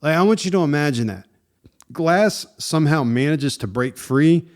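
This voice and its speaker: A man's voice: on the high side, normal speed. Laid-back man telling a story. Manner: animated and conversational, with frequent "dude" and "man", laughs at himself. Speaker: podcast host. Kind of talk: casual storytelling.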